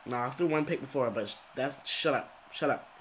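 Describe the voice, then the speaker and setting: A young man giving frustrated gameplay commentary, swinging between low muttering and exasperated, swearing outbursts. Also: brisk, a bit bright, a little hiss or hum. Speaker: gaming commentator.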